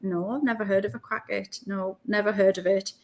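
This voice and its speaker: A woman with a Geordie accent, from Newcastle, chatting as an interview guest and telling lively stories. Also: medium pitch, fairly quick. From Newcastle, North East England. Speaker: guest, self-development coach. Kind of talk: casual interview chat.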